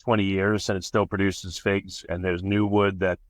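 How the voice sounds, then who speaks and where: Curious low-voiced male interviewer. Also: level tone, normal speed, no room sound. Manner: curious, long rambling questions. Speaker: podcast host. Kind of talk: interview questions.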